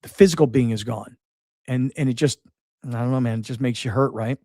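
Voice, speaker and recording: A middle-aged man hosting a radio show, remembering a late friend in halting speech that repeats words and shifts between sadness and laughter. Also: mid-range voice, a little mellow, no echo, clean studio sound. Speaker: radio host. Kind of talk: emotional on-air remembrance.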